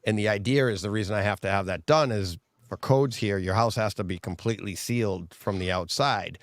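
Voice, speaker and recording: A man with a low-pitched voice co-hosts a podcast and chats casually. He tells rambling stories and breaks into laughter mid-sentence. He is recorded close and dry on a podcast mic. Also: a little fast, no echo. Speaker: podcast co-host. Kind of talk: casual chat.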